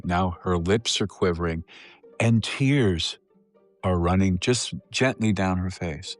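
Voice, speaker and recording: A man's voice: deep voice, takes it slowly, soft background music. A middle-aged man, a psychotherapist, telling an earnest and emotional story in a podcast interview. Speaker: psychotherapist guest.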